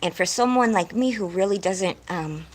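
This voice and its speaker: A young woman vlogger, near tears, tells her viewers a distressing personal story in a rambling, upset way, breaking off to scold her dog. Her voice is medium in pitch and moderately paced.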